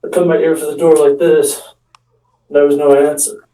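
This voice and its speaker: A man's voice: on the high side, little pitch movement, normal speed, dark tone. A man telling a rambling comic story about his friends, with restarts and acting out what others said. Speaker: amateur stand-up storyteller. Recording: echoey room, mic far off.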